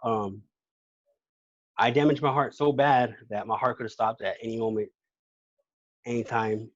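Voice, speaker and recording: A man shares his own story as a podcast guest in a relaxed, slangy way. He stumbles and repeats words as he goes. His voice sits at a middling pitch, and the recording is dull and lo-fi. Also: normal speed, dry recording. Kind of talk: casual personal testimony.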